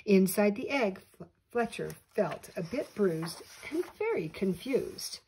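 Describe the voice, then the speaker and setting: An older woman, a grandmother, reading a picture book aloud with animated delivery and small slips. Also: medium pitch, unhurried, a little hiss or hum. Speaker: storyteller grandmother.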